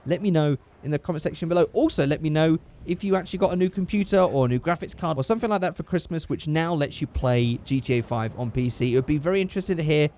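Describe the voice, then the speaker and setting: A young man talks through a video game in a chatty, upbeat way, reacting as he goes. His voice sits fairly high for a man. He sounds casual and unscripted. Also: quick pace, few pauses, darkish tone. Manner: chatty and upbeat, thinking aloud. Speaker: gaming YouTuber. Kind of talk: casual gameplay commentary.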